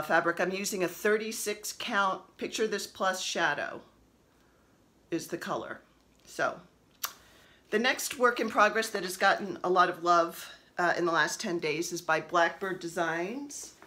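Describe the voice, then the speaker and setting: A woman's voice: fairly low pitch, sharp tone. A woman, chatting casually at home as she shows her cross-stitch projects, rambling and laughing often. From New Jersey. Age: 50s. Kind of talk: casual show-and-tell chat.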